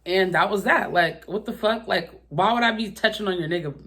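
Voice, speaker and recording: A young woman vlogger telling a personal story in a casual, profane, animated way, acting out her own outbursts. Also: mid-range voice, brisk. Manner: profane, animated retelling with exaggerated quoted outbursts.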